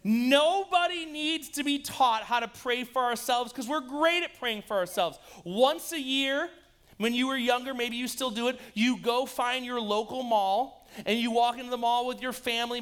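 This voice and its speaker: A man preaching a lively youth-group sermon, joking and talking straight to the students in front of him. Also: very high-pitched, normal speed, clean tone. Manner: joking, energetic, addresses the audience directly. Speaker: youth pastor.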